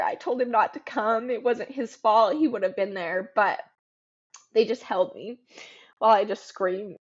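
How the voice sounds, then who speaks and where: A woman in her thirties recounts a personal story as a podcast guest, her voice sitting at an ordinary mid pitch. She speaks haltingly and with emotion, pausing on ums and restarting her sentences. The recording sounds dull and slightly lo-fi.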